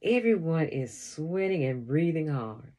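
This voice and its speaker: A woman reading a children's chapter book aloud in the first person, with expressive storytelling. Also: deep voice, a little slow. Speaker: storybook reader.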